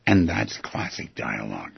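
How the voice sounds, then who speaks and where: A man's voice: extremely low pitch, wildly swooping pitch, normal speed, vocal fry, breathy edge, dry recording. A man teaching an inner-dialogue exercise, speaking in an earnest, coaching manner, recorded on a dull lo-fi track. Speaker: self-help teacher. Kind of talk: guided instruction.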